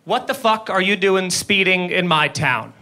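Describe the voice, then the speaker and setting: A man putting on a gruff, barking small-town cop. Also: sits high, animated, unhurried, bright, forceful tone, pitched below the performer's own voice, full character voice. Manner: barking, confrontational. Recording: live club with ambient noise.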